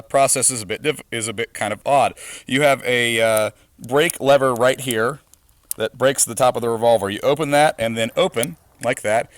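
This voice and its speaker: A man hosting a firearms channel, explaining history and handling in a casual, halting way full of ums and uhs. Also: mid-range voice, a bit bright, no room sound. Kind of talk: casual explanatory talk at the range. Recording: distant mic, faint background noise.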